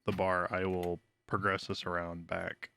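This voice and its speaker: A man playing a tabletop game, relaxed and joking. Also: sits low, measured pace, gravelly, clear, resonant tone, no echo. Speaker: player.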